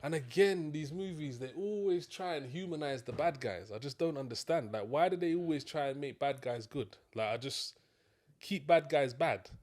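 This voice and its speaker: A man's voice: on the high side, normal speed, darkish tone. A man co-hosting a film review, tired and yawning, with loose slang and trailing restarts. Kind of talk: casual review chat.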